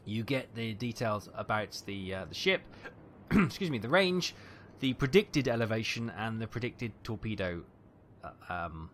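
A man's voice: lowish voice, lively intonation, a little slow, a bit bright, slight background noise. A man hosting a gaming channel, chatting and explaining as he plays, with frequent fillers. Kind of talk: game commentary.

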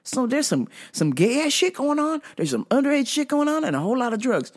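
A woman's voice: sits high, a little fast. A woman hosting a podcast, ranting profanely through a casual solo monologue and telling stories with lots of energy. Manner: profane, ranting, animated storytelling. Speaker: podcast host.

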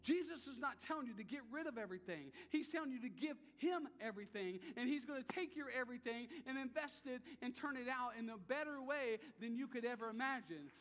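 High-voiced male pastor preaching in church. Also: animated, brisk, hardly any pauses, fairly bright tone, long reverb tail. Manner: conversational preaching with repeated emphatic phrases. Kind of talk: sermon. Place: church sanctuary.

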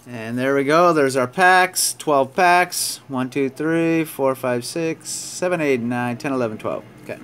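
With a slightly bright, medium-pitched voice and a slow pace, a man casually comments while opening sports card packs, a little hiss or hum audible. He reads the card names out loud and lets small laughs slip in.

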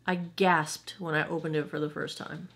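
A woman's voice: deep voice, level tone, moderate pace, vocal fry, a bit bright, breathy edge. A woman in her forties reviewing makeup in a casual, gushing and emotional way. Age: 40s. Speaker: beauty vlogger.

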